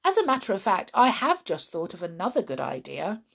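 Give me a brisk, commanding mischievous doll as a woman reads her out from a children's storybook. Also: medium pitch, huge pitch swings, creaky, full character voice. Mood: scheming. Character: bossy, mischievous girl doll.

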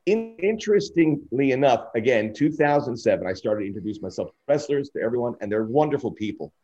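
A man's voice: mid-range voice, expressive, fast, warm tone, breathy edge. A middle-aged man, a sports broadcaster, giving a candid interview and telling anecdotes while acting out quoted dialogue. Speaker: sports broadcaster, podcast guest. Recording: dull lo-fi audio.

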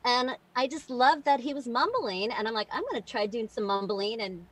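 A woman's voice: on the high side, moderate pace, a bit bright, slight background noise, low-quality recording. Woman telling a rambling story. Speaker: cartoon voice actress at a cast reunion. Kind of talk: casual storytelling on a group video call.

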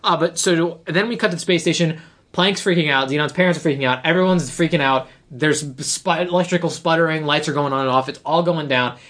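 A podcast host rattling through a film recap at high speed. The talk rambles from scene to scene, with the characters' lines slipped in as quotes. The voice itself sits in a middle register. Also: fairly bright tone. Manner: rapid, rambling retelling full of quoted dialogue. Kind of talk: casual chat recapping a film.

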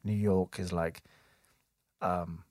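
Man in his 20s, rambling anecdote teller, lowish voice, dry close sound. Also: little pitch movement, takes it slowly, darkish tone, no room sound. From England. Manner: rambling storyteller with many restarts and fillers. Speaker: podcast co-host. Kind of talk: casual chat.

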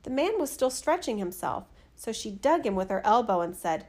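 A woman narrating a fairy tale in a steady, expressive reading. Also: on the high side, normal speed, few pauses. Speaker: storyteller.

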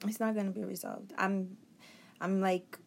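A woman's voice: mid-range voice, level tone, normal speed, gravelly. A woman in a casual podcast chat who talks in a candid, blunt way.

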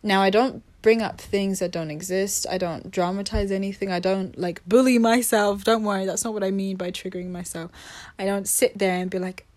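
A woman's voice: mid-range voice, fairly even intonation, normal speed, a little mellow. Chatty woman musing on self-healing. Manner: chatty, restarts often, drops to near-whispers. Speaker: spiritual self-help speaker. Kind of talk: casual reflective monologue.

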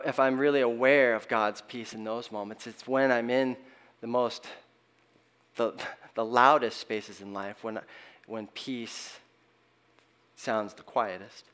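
A middle-aged man preaching a sermon at a middle pitch. He talks in an earnest, halting way, restarts his phrases often, and lets the ends of his lines fall away softly. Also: clear, resonant tone. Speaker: pastor.

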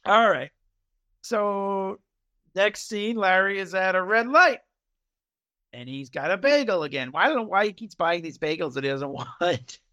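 A man's voice: high voice, unhurried, dull audio. A man co-hosting a podcast, casually recapping a TV episode, acting out the characters' lines and laughing often. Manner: animated retelling, acting out quotes, laughing often. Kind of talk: casual chat.

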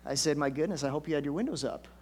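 A man's voice: fairly high pitch, rapid-fire, darkish tone. An older man, a pastor, preaching a conversational storytelling sermon with folksy asides and emphatic swells.

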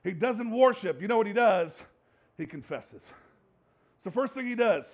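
Male pastor, sermon with casual jokes and repetition, very high voice, muffled recording. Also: lively intonation, a little slow, husky. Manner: conversational preaching with joking asides and repeated phrases.

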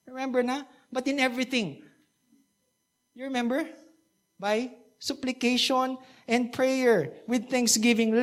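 Woman pastor with a Filipino accent, slightly high voice, conversational sermon full of questions to the congregation.

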